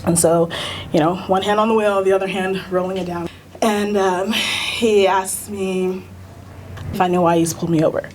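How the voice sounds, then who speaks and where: A middle-aged American woman recounts a painful memory in an earnest, halting voice, full of restarts and fillers. Her pitch sits in a middle range. A faint hiss sits under the recording. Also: steady tone. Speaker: union council president, teacher. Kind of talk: personal storytelling in a recorded conversation.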